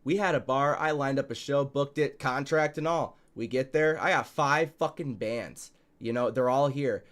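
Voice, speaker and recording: A man's voice: mid-range voice, moderate pace, fairly bright tone. A man hosting a casual podcast chat, telling stories with heavy swearing and emphatic delivery. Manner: profane, emphatic, storytelling. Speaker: show host and promoter.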